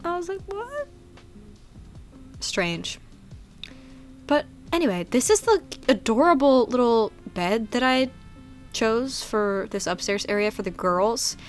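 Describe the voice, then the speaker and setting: A woman's voice: on the high side, lively intonation, a little slow, faint music behind. A young woman, chatting and rambling in a casual voice-over about her game build, giggly and self-deprecating. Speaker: YouTuber narrating a game build.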